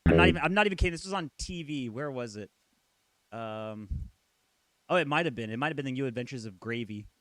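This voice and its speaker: A man's voice: medium pitch, lively intonation, quick pace, a bit bright. A man streaming live, ranting casually with a profane, sing-song, exasperated delivery. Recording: hip hop music playing behind. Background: hip hop music.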